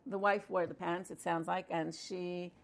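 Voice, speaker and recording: A woman's voice: on the low side, level tone, moderate pace, gravelly. A woman telling a story in a conversational way, with fillers and restarts. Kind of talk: storytelling talk.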